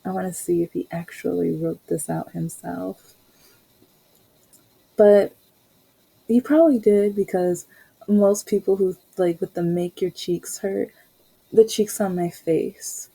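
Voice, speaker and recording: A woman's voice: on the low side, fairly even intonation, unhurried, creaky, pauses often, warm tone, husky, rough recording. A young adult woman hosting a podcast, chatting casually and rambling through a personal story with frequent laughs. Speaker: podcast host.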